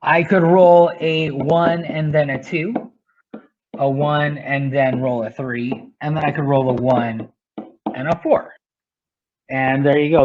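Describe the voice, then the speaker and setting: A man's voice: on the high side, muffled recording. A male teacher explaining a math lesson step by step, often checking in with "right?".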